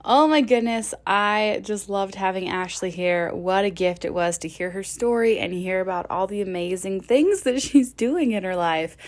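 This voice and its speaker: A woman's voice: mid-range voice, normal speed, few pauses. A woman host closing her podcast alone, enthusiastic and heartfelt as she lists her favorite takeaways. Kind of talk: solo podcast outro.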